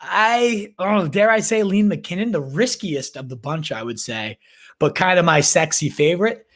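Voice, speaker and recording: A high-pitched, fairly bright male voice, animated and at normal speed, belongs to a fantasy football livestream host taking live questions. He talks in a hyped, slangy style, addresses viewers as "baby" and "my dude," and keeps restarting and repeating words while thinking out loud.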